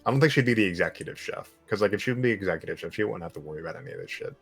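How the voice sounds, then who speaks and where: A man's voice: low-pitched, expressive, rapid-fire, creaky, a bit bright, husky, faint music behind. A man running a live-streamed tabletop game as game master, casual and joking and swearing freely.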